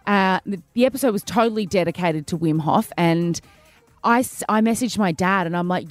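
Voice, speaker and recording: A young woman, pregnant, co-hosting a breakfast radio show with relaxed, wry banter. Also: lowish voice, normal speed, no echo, soft background music. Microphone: studio microphone.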